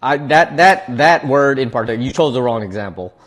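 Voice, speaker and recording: A man's voice: medium pitch, animated, fairly quick, fairly bright tone. A man streaming, chatting casually while he eats, laid-back and slangy, often repeating his words. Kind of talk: casual chat while eating.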